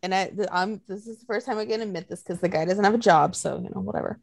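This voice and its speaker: A woman's voice: medium pitch, fast talker, creaky. A woman co-hosting a casual chat, telling stories with lots of swearing and acted-out quotes. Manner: animated storytelling, swears a lot, acts out quotes.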